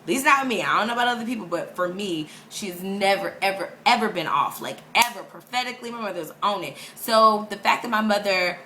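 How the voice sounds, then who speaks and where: Young woman vlogging, bright voice, animated storyteller, laughs a lot, bit of background noise. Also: mid-range voice, a little fast, hardly any pauses. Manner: animated, laughs often, acts out quotes. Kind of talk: casual storytelling vlog.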